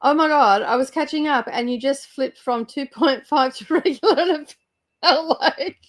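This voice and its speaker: A woman's voice: high voice, moderate pace. Giggly woman chatting on stream. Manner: chatty, giggly, greets chat by name. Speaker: book club livestream host. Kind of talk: casual livestream chat.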